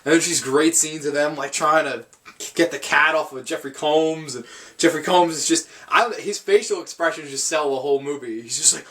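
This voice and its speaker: A man's voice: on the high side, normal speed, a bit bright. A man giving a casual, rambling film review, swearing often and restarting his sentences. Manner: rambling, profane, frequent restarts.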